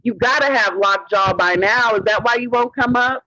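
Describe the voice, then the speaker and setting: A man's voice: very high voice, moderate pace, sharp tone, dry recording. A man hosting a livestream, delivering a heated rant in a sassy, profane way and calling people honey. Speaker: livestream host. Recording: dull lo-fi stream audio.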